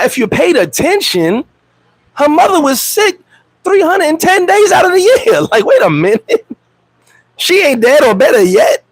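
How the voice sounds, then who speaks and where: Laid back dude w aave chatting on his stream, high voice jumps all over, dry close sound. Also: dry recording, poor audio. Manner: animated, laughing, acts out quotes in high voices; profane, streetwise slang. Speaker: host. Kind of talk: casual livestream chat. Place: Dominican Republic.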